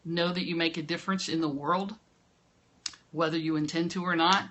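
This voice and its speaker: A woman marketing coach speaks straight into a camera at her computer, urging viewers on in an emphatic motivational talk. Her voice is bright and forceful, and she keeps checking in with "right?" as she goes. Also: on the low side, fairly even intonation, moderate pace.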